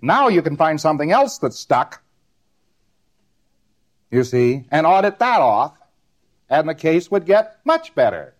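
A man's voice: a little high, very animated, a little slow, long pauses. A man giving a recorded lecture, rambling and repeating words in rhythmic runs, often ending on a tag question.

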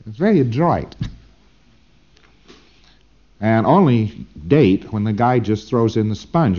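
A man's voice: medium pitch, mellow. A man giving an informal recorded lecture in a rambling way, often tagging his points with "see?", on a dull old lo-fi tape.

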